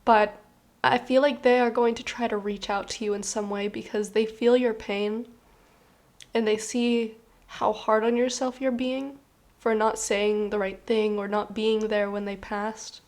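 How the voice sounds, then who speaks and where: A woman with a slightly high voice giving a casual tarot reading to her camera. She talks in an earnest, rambling way, full of "like" fillers. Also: level tone, unhurried. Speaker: tarot reader.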